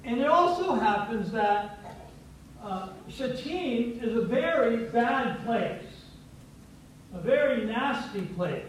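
A high-pitched male pastor delivers a playful, teacherly sermon, coaxing the congregation to say words back to him. He sounds far off from the mic. The church rings with a heavy echo, over a faint background hiss. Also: expressive, slow. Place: church sanctuary. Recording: very echoey church, distant from mic.

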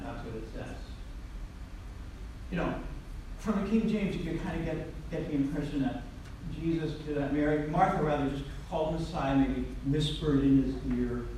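A man preaching a sermon as pastor, emphatic and swinging between loud declarations and quiet asides. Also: on the high side, a little hiss or hum. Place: church sanctuary. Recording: very echoey, distant mic.

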